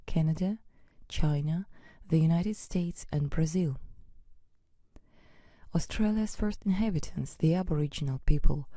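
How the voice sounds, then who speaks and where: A woman reading a scripted educational narration in an even, measured way. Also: on the low side, dry recording.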